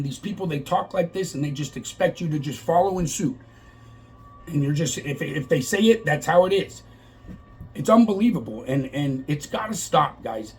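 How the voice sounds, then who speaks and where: Middle-aged man, very husky, slightly higher-pitched, fired-up political vlog rant. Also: a little mellow, low-quality recording. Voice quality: impassioned, exasperated. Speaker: vlogger.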